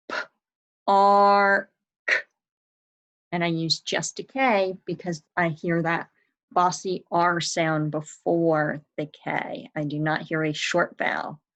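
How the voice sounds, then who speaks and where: A woman leads young children through a spelling lesson. She speaks very slowly in a slightly low voice. She sounds out each word and spells it letter by letter with patient encouragement. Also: fairly bright tone, rough recording. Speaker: teacher.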